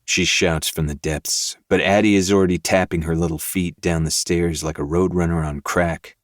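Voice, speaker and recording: A man, the podcast host, narrating a dark novel in first person with steady, measured delivery. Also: low voice, dry recording, clean studio sound.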